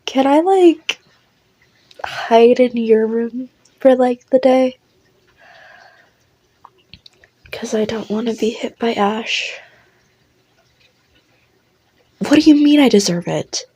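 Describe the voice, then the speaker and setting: A woman's voice: medium pitch, fairly even intonation, normal speed, vocal fry, mellow, breathy edge, low-quality recording. A woman voicing a laid-back, affectionate young man who swears casually, in a listener role-play audio. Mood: pleading.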